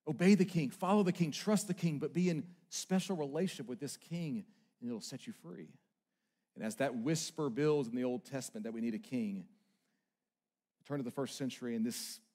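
A man delivers a sermon as pastor with emphatic force, moving between urgent, loud peaks and quiet, low asides while stacking up repeated short phrases.

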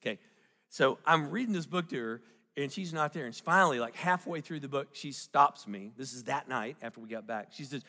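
A middle-aged pastor speaks briskly in a mid-range voice that sounds pushed and bright. He tells a family story to his congregation, often putting questions to them and adding jokes, with the church sanctuary giving a long hall reverb.

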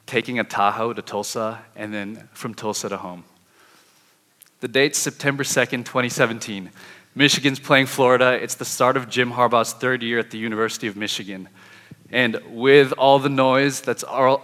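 Young man telling a story in a hall. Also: medium pitch. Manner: lively, animated, acts out his inner thoughts. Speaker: speaker telling a testimony. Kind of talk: sermon-style storytelling.

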